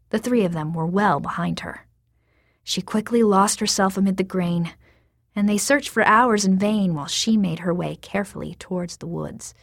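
Soft-spoken woman reading a story aloud. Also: fairly low pitch, no room sound, clean studio sound. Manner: soft and measured, sometimes dropping to a whisper. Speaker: narrator.

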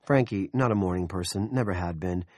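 Low voiced guy reading an audiobook, steady and wry, dry close mic. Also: a little fast, no room sound. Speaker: audiobook narrator. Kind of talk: scripted narration.

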